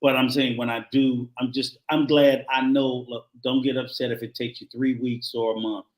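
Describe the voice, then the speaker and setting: A man's voice: mid-range voice, level tone, normal speed, reverberant, rough recording. A man co-hosting a casual chat, blunt and emphatic, swearing freely.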